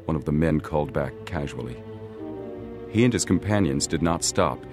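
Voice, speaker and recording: A man narrating a boys' adventure book in a measured, steady reading. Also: rumbling low, soft background music. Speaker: audiobook narrator. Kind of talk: scripted narration.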